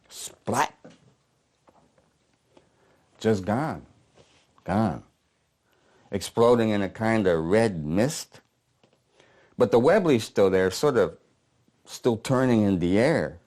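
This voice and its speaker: A man reading as a gruff, haunted old veteran. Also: fairly low pitch, sing-song, slow, long pauses, darkish tone, exaggerated voice. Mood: weary. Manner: coarse, blunt storytelling with swearing. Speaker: playwright reading his play aloud. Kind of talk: dramatic monologue reading. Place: apartment living room.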